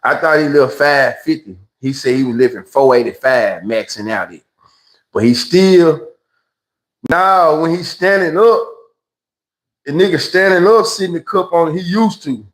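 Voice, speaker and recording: A man with a Memphis Southern accent spins a loose, slangy story on his phone livestream. His voice sits a bit high for a man, and he keeps slipping into other people's voices as he tells it. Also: expressive, unhurried, long pauses, rough recording. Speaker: livestream host.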